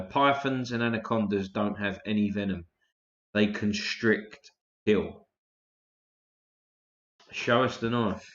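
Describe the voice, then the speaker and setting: A man's voice: fairly low pitch, fairly bright tone. A man hosting a casual live stream, chatting loosely and swearing freely while tired and yawning. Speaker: livestream host. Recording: roomy, dull lo-fi stream audio.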